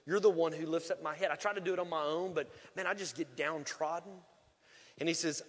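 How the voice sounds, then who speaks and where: Animated man preaching in a hall. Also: fairly high pitch, fairly quick. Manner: animated, joking asides, emphatic swings in volume. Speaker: pastor. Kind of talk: sermon. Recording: long reverb of a large hall.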